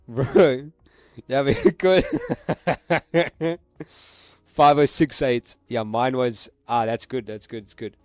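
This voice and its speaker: A man chatting casually to his viewers during a live stream, excitable and laughing, swearing freely and using street slang. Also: medium pitch, drawn-out words, pauses often, dry recording, soft background music. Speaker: livestreaming forex trader.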